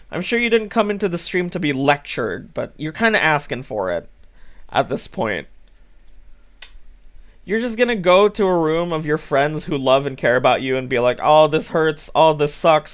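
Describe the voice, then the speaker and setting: A man's voice: fairly high pitch, expressive, normal speed, pauses often, fairly bright tone. A man streaming live, bluntly lecturing his chat with lots of swearing. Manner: blunt, scolding, swears freely.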